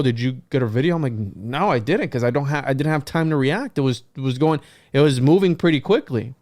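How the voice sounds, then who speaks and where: Guy hosting a podcast, telling a story all animated, smooth clear voice, dry close mic. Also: fairly high pitch, no echo. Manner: animated storyteller, quotes people in lively voices, frequent restarts. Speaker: podcast host. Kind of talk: casual storytelling to guests.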